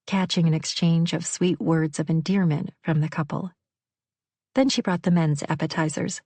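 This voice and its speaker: A woman narrating a novel in an audiobook, telling the story in a measured, even manner into a close studio mic. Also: low-pitched, no echo. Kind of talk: scripted narration.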